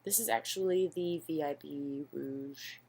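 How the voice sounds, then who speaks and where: Low-pitched young woman, casual beauty vlogger, chatty and self-deprecating, recorded at home on a camera mic. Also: a little slow, gravelly, darkish tone, breathy edge. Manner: rambling, chatty, self-deprecating, lots of ums. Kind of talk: casual makeup haul chat. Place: home, indoors.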